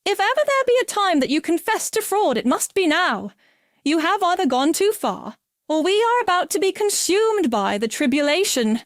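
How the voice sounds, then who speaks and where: A woman performs a sharp-tongued young woman in a pointed mood, pitching her voice above her natural one into a very high register. The delivery is very animated at a moderate pace, captured in a dry, studio-quality recording.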